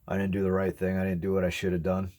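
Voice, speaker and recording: Deep voiced guy in his 40s just rambling, reflective, eating while he talks. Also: completely flat delivery, fast, a little mellow. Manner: rambling, earnest, chewing while talking. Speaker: ASMR YouTuber. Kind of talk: casual reflective talk to camera.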